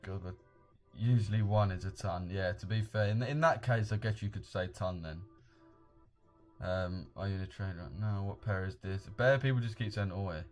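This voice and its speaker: Young guy on a trading livestream, lowish voice, slangy laddish banter, bit of music behind. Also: normal speed. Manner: slangy, laddish, addresses chat as boys and mate. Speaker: live-streaming forex trader. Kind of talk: casual live-stream chat with viewers.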